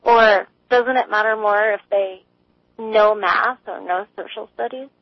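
A young woman from Texas calling into a radio show, asking quick, blunt questions. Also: medium pitch, steady tone, no room sound. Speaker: caller. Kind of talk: casual call-in chat. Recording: dry, dull phone line.

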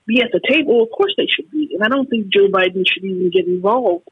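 A woman calling in to a talk radio show, talking in halting, emotional, frustrated bursts with many restarts. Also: mid-range voice, lively intonation, husky, no room sound. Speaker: caller. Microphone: telephone. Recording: tinny phone line.

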